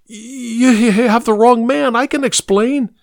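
A man's voice: fairly even intonation, slow, vocal fry, no echo, studio quality, exaggerated voice. A man voicing a terrified male salesman in a read-aloud story, stammering and pleading for his life. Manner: stammering, pleading, high and frantic. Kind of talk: dramatic story reading.

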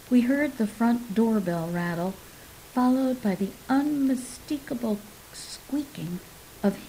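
A woman reading a story aloud in an unhurried, softly dramatic way, now and then dropping to a whisper. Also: mid-range voice, a little hiss or hum, low-quality recording.

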